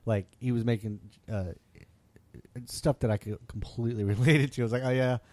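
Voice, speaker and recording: A man hosting a podcast, telling a story in a casual, animated way and acting out what people said. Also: fairly low pitch, brisk, no echo. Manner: animated, acts out quoted voices, laughs often. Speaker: podcast host.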